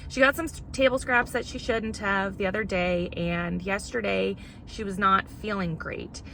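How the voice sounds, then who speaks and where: A woman's voice: mid-range voice, fairly even intonation, normal speed, creaky, a bit bright, a little hiss or hum. A woman vlogger in casual chat, rambling and candid while fighting back tears.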